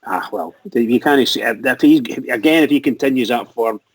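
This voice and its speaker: A Scottish man chatting excitedly about football on a fan radio show, laughing a lot and tripping over his words. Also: mid-range voice, moderate pace, slightly rough, dry recording, low-quality recording. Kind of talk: casual football chat.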